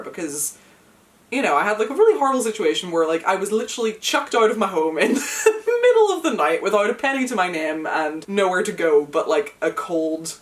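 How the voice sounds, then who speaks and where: A woman's voice: low voice, far from the mic. A young woman vlogging from her home, talking in an emotional, chatty way with lots of fillers and nervous laughs. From United Kingdom. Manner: chatty, emotional, many fillers, laughs through hard moments. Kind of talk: casual chat to camera. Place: at home, indoors.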